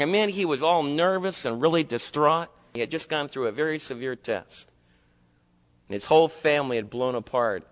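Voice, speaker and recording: High bright guy preaching, earnest, gets loud then real quiet, big reverby hall. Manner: earnest, swings from loud emphatic highs to hushed low passages. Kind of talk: sermon.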